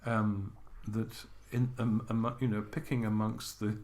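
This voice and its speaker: An older man co-hosting a podcast, reminiscing in a relaxed, halting way with gentle humour. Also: fairly low pitch. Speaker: podcast co-host. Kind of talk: reflective casual chat.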